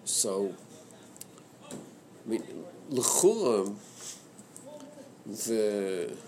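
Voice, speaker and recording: A man leading a study class on a Chassidic text, thinking aloud in a hesitant, halting way that repeats words. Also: fairly low pitch, sing-song, darkish tone. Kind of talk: Torah study class discussion.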